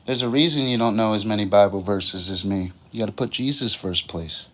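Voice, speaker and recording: Low-voiced man preaching on a livestream. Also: fairly quick, a bit bright. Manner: boastful, preachy, quotes scripture at length.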